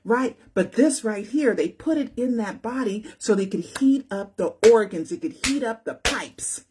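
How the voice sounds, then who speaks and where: A woman's voice: a little high, expressive, normal speed, over music. A woman hosting her own channel, giving casual commentary in a rambling, repetitive way and often asking "right?" for agreement. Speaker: channel host.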